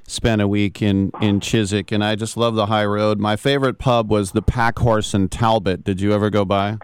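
A man's voice: on the low side, little pitch movement, moderate pace, smooth. A man co-hosting an interview, asking friendly, chatty questions. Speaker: co-host. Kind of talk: casual interview.

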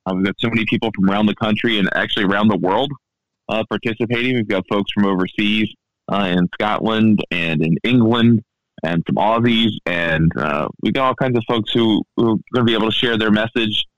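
A man from the Baltimore area chatting casually on a podcast, relaxed and full of fillers and restarts. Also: lowish voice, a little fast, no echo, lo-fi sound. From Baltimore area, USA. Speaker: golf podcaster and radio station founder.

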